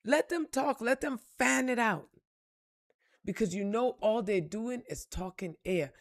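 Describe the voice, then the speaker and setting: A woman's voice: a little high, animated, a little slow, no room sound, studio quality. A woman giving a motivational spiritual talk in an emphatic, preachy way, blunt and profane, asking her listeners question after question. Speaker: spiritual reader and motivational speaker.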